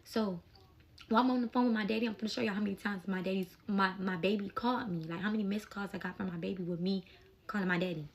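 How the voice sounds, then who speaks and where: A young adult woman telling a personal story in a casual storytime vlog, animated and emotional, with plenty of slang. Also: medium pitch, fast.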